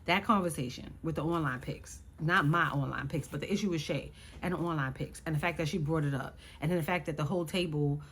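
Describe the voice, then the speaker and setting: A woman's voice: low-pitched, fast, few pauses, fairly bright tone, husky. A woman recapping a reality show in casual chat, sassy and exasperated as she talks to her viewers.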